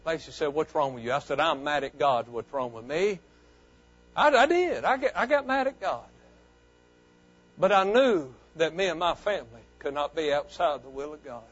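A man preaches to his congregation in a high voice. His delivery swells loud and fervent, then drops low and soft. The recording sounds dull and lo-fi. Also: very animated, moderate pace, faint music behind. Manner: fervent preaching that rises and falls. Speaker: pastor. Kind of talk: sermon.

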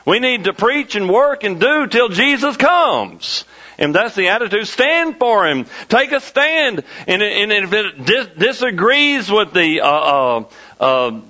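A pastor preaching to his church, his voice pitched high and bright. He drives his points home by repeating them with rising emphasis. The recording is dull and lo-fi. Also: expressive, unhurried. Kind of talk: sermon.

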